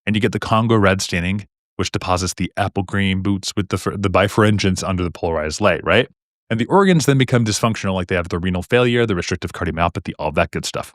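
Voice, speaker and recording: A young man with a deep voice teaches medical exam topics in a quick, chatty lecture packed with jokes and rhetorical questions. It's a casual recorded lecture with studio-quality sound and no echo.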